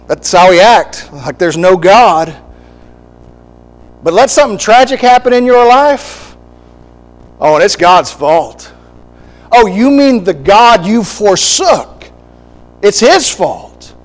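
High-voiced, slow-talking male preacher. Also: poor audio. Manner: animated, acts out quoted voices, laughs between points. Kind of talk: sermon.

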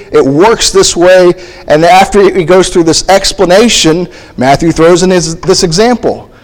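A man preaching a sermon in a halting, thinking-aloud way, often restarting his phrases and reading scripture aloud. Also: high voice. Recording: long hall reverb.

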